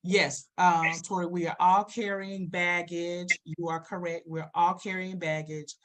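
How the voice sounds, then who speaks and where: A woman therapist co-hosting a live stream speaks in a lowish voice at a slightly slow pace. She is blunt and emphatic, swinging louder and more animated to drive a point home, and she chats with viewers by answering their comments.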